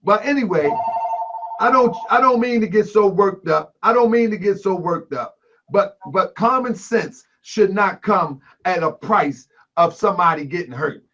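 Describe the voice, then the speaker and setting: Male call-in host, very high pitch, insistent and heated, muffled lo-fi audio. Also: moderate pace, sharp tone. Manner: emphatic, keeps calling people brother, raises his voice. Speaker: talk show host taking callers. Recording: lo-fi online broadcast audio.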